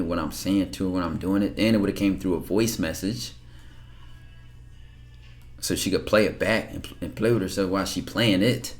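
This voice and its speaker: Male streamer, lowish voice, blunt and salty, commentary-style rant to chat. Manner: blunt, profane, lecturing. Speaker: streamer reacting to viewer messages. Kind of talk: casual livestream commentary.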